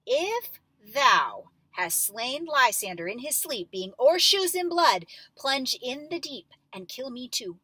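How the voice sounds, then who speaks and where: A woman's voice: sits high, big pitch swings, takes it slowly, few pauses, sharp tone, breathy edge, no room sound, pitched above the performer's own voice, exaggerated voice, low-quality recording. A woman reading the lines of a young woman who accuses her suitor of murder, with rising urgent emphasis. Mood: convicted.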